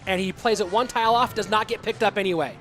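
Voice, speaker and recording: A man casting a live esports match, excitable and rambling, with chatty asides to the viewers. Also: high voice, fast. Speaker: esports caster and streamer. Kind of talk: live esports commentary with chat reading.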